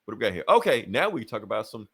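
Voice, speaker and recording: Animated laughing male podcaster. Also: lowish voice, racing, breathy edge. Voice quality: animated, swearing, laughs often. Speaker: podcast co-host. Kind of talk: casual chat.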